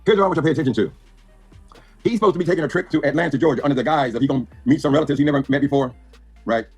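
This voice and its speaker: A man's voice: on the high side, very fast, a little mellow, husky, soft background music. An older man commenting in a reaction video with a sassy, preacher-like delivery. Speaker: YouTube commentator.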